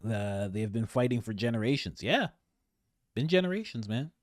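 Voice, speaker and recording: Animated, opinionated male podcast host. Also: fairly low pitch, brisk, no room sound, clean studio sound. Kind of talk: casual political commentary.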